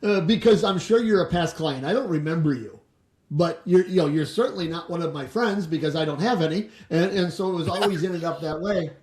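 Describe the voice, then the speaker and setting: A man's voice: a little high, a little fast, darkish tone. A man hosting a business podcast, talking casually and rambling with many restarts before he asks a question. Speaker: podcast host, home inspector. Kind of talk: casual interview chat. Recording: echoey room.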